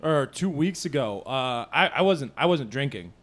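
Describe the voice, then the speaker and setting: A man's voice: medium pitch, lively intonation, moderate pace. A man hosting a casual podcast, telling stories with frequent laughs and acted-out voices. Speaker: podcast host and comedian. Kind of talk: casual chat.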